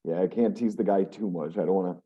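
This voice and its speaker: A man hosting an interview, talking in a relaxed and teasing way. His voice sits a little low and sounds dark and mellow. The audio is muffled and lo-fi. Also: quick pace. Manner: laid-back, joking, teasing. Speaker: webzine host. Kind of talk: casual interview chat.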